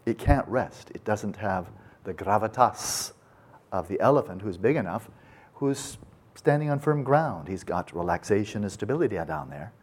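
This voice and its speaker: Husky-voiced male meditation teacher. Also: on the low side, normal speed. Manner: folksy, animated storytelling with casual asides. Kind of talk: dharma talk to retreatants. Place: meditation retreat.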